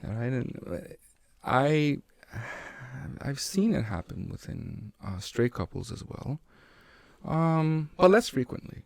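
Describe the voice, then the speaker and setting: A man co-hosting a casual podcast chat, telling stories with heavy swearing and loud bursts of laughter. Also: mid-range voice, big pitch swings, takes it slowly, creaky. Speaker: podcast co-host.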